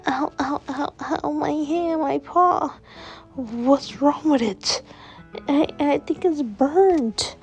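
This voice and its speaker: A woman's voice: sits high, animated, very slow, darkish tone, soft background music, pitched above the performer's own voice, exaggerated voice. A woman voicing a small, eager and curious boy fox pup with a childlike, whiny way of pleading. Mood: pained crying.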